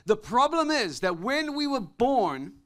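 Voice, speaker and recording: A man preaching a sermon as pastor, animated, swinging between loud exclamations and soft confiding tones, often laughing between phrases. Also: very high-pitched, measured pace.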